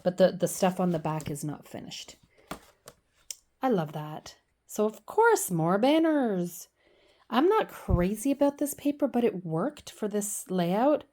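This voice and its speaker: A woman's voice: mid-range voice, very animated, unhurried, warm tone. A middle-aged woman chatting casually as she shows off her scrapbook pages, gushing and poking fun at herself. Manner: chatty, gushing, self-deprecating. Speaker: scrapbooking vlogger. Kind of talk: casual show-and-tell chat.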